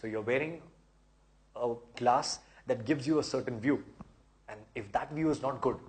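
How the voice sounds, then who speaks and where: A man's voice: medium pitch, normal speed, darkish tone. A man hosting a question-and-answer talk, giving encouraging advice at length and often repeating words as he explains. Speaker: host answering viewer questions.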